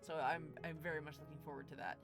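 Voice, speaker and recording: Woman dm doing sponsor reads on stream, lowish voice, lots of ums, faint music under it. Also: fairly even intonation, quick pace. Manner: chatty, many fillers and restarts. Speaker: dungeon master and show host. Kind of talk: casual sponsor reads on a livestream.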